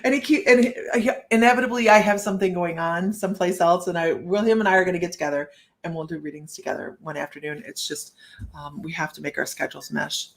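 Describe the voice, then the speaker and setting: Her voice is deep and level, delivered quickly with vocal fry, as she gives a psychic reading over a live stream. Chatty and rambling, she thinks aloud and speaks right to her viewers, greeting them by name.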